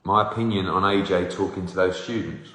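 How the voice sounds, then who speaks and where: In a roomy space with long reverb, a host in his forties fields fan questions during a laid-back live Q&A, poking fun at fans while reading their comments. His low voice is fairly bright, his intonation fairly even, and his pace brisk.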